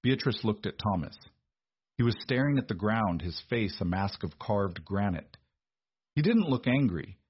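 Male narrator, measured audiobook reading, husky voice, dull dry recording. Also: on the low side, lively intonation, no room sound.

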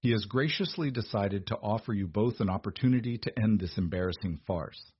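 A man's voice: on the low side, fairly quick, slightly rough, no echo, lo-fi sound. A man reading the part of a cold, pompous male lawyer with a clipped, sneering delivery. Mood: condescending.

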